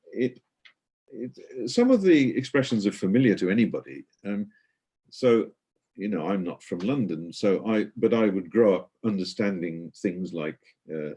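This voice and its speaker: A man's voice: low-pitched, mellow, husky. A middle-aged man giving an online guided tour, chatty and explanatory, with many hesitations and fillers.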